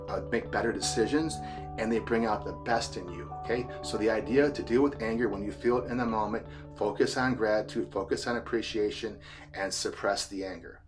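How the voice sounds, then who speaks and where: A man who is a therapist, giving a blunt, profane motivational talk in a street-wise, emphatic way. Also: medium pitch.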